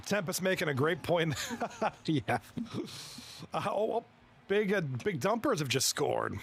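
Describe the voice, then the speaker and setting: Man, live esports hockey commentary, fairly high voice, excitable, chatty with viewers. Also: vocal fry, a little hiss or hum. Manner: excitable, quick reactions to plays, chuckles often; chats with viewers between plays.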